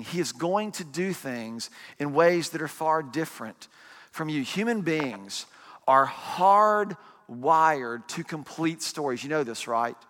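A man in his forties preaching a sermon, telling stories with lively energy and asking the congregation rhetorical questions. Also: high voice, long reverb tail. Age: 40s. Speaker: pastor.

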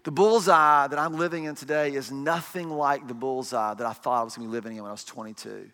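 A man in his forties preaching a sermon, telling stories with lively energy and asking the congregation rhetorical questions. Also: medium pitch, fast talker, big-room sound. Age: 40s. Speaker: pastor.

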